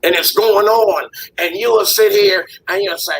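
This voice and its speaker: A man on a discussion panel with a hoarse, husky voice from a recent illness, ranting heatedly and swearing a lot. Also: high voice, steady tone, measured pace, hardly any pauses, low-quality recording.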